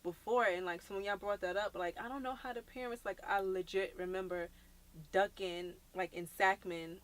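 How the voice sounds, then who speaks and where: A woman's voice: mid-range voice, steady tone, moderate pace. A woman, hosting a podcast and telling stories bluntly in slangy, casual talk. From Brooklyn, New York. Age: 30s. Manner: blunt, slangy, storytelling with many "like" fillers.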